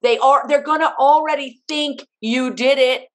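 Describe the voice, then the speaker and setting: A woman's voice: high-pitched, moderate pace. A woman co-hosting a casual podcast, talking animatedly and indignantly and acting out her own reactions. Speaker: podcast co-host recapping a TV episode. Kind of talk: casual chat.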